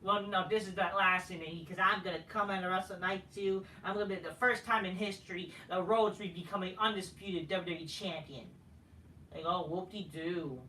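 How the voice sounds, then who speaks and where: A man's voice: high-pitched, steady tone, brisk, bright, forceful tone, a little hiss or hum. A man hosting a wrestling review show, ranting profanely and rambling with lots of fillers, recorded in an echoey room from a distant mic. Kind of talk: profane casual rant.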